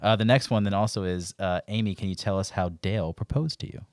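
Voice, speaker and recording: A man with a very deep voice reads out listener questions. He keeps things easygoing and laughs along often. His voice sounds dry and close. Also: fast talker, a little mellow, no echo. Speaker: interviewer reading listener questions. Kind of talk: casual interview.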